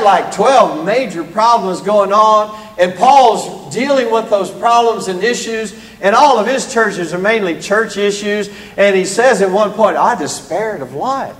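A man preaching a sermon in an animated way, rising to emphatic peaks when he reads scripture, recorded in a church. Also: high voice, measured pace, hardly any pauses. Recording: echoey hall.

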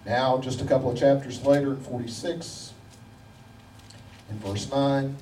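A man preaching a sermon, emphatic and repetitive, slowing down to stress each scripture quote. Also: medium pitch, fairly even intonation, mellow, reverberant. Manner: emphatic, repeats key phrases, slows down to stress scripture quotes. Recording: distant mic with faint background noise.

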